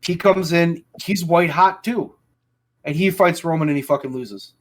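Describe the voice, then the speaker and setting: A man's voice: fairly high pitch, moderate pace. A man hosting a casual podcast chat, ranting angrily and swearing heavily. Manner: angry ranting, heavy swearing. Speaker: podcast host.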